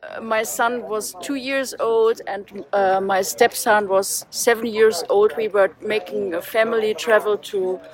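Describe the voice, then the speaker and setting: Slow-talking woman, hesitant English. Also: medium pitch, steady tone, rough recording. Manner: hesitant, searching for words in English. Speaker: storyteller. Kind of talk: casual spoken anecdote.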